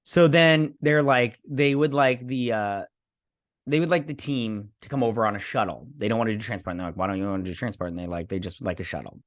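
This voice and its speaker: A man giving a casual, rambling recap of a TV episode, excitable and full of "like" fillers. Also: on the low side, fairly quick, no room sound, studio quality. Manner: rambling, excitable, heavy use of "like". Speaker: show recap vlogger.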